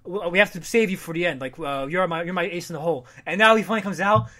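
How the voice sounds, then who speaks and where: A man's voice: sits high, fast talker, bright, forceful tone. A man in casual chat recapping a comic, rambling, swearing, and briefly acting out the characters. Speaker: podcast co-host recapping comics.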